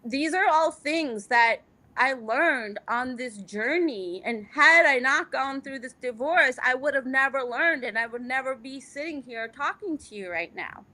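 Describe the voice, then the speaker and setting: A woman's voice: sits high, animated, a little slow, sharp tone. A middle-aged woman from Afghanistan, a guest in a candid interview, speaking with passion and repeating phrases for emphasis.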